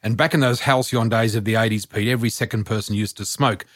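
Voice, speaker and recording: A middle-aged man, a podcast guest telling lively stories and acting out the voices in them. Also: fairly low pitch, fast, dry recording, studio quality. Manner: animated storyteller, acts out voices, laughs often. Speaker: guest, spiritual teacher. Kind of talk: storytelling in a podcast chat.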